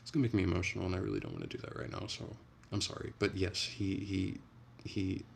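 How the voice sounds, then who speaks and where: Late at night on a stream, a young man wanders easily between chat messages, unhurried and soft-spoken. His voice is low and gravelly, his talk loose and meandering, with a slight hiss underneath.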